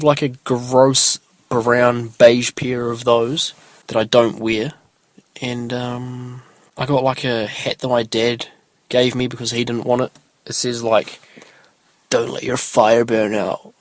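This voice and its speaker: A man's voice: mid-range voice, steady tone, unhurried. A young man hosting his solo podcast in a rambling, laid-back way, full of ums and loose asides. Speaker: podcast host. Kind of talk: casual solo podcast chat.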